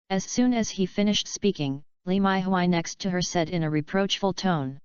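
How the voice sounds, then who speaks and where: A woman narrating a novel audiobook in a plain, even reading manner. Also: lowish voice, normal speed, few pauses, smooth, no echo, lo-fi sound.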